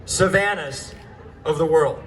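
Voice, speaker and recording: A man giving an impassioned speech to a crowd outdoors, fiery and sarcastic, often shouting through a megaphone. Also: a little high, takes it slowly, a little hiss or hum. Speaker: rally speaker. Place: outdoors at a street protest.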